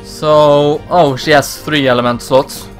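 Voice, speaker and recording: A man's voice: on the high side, fairly even intonation, slow pace, faint music behind. Chatty man commenting a game. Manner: chatty, reads game dialogue aloud in voices. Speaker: let's play host.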